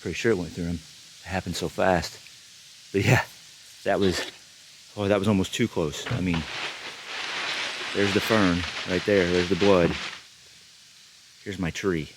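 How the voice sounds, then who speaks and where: Man, outdoors in tree stand, handheld camera, slow drawn-out talk, faint hiss. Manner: breathless excited exclamations, then hushed low explanation. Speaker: bow hunter filming himself. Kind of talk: self-filmed hunting vlog.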